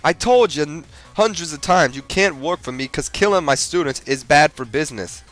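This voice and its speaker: A man's voice: fairly high pitch, expressive, normal speed, a bit bright, faint music behind, voice pushed up. A man doing a clumsy Brooklyn-accented wisecracking mercenary. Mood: mocking. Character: wisecracking adult male mercenary antihero. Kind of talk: gameplay commentary.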